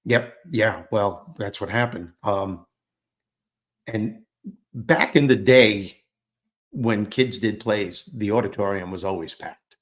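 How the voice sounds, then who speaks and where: Animated man telling a funny childhood story. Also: on the low side, takes it slowly. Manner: animated, self-deprecating, acts out quotes. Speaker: guest storyteller. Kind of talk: conversational storytelling.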